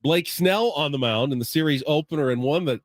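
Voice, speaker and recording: Middle-aged sports radio co-host, man, slightly high voice, brisk, reeling off stats. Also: dry recording. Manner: brisk, listing facts and stats, dry. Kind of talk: sports talk radio banter. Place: radio studio.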